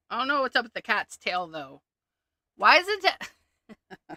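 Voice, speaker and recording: A woman's voice: sits high, sharp tone, dry recording. A woman hosting a casual crafting livestream, chatting and giggling as she sorts through her stamps. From Canada. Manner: chatty, giggly, thinks aloud.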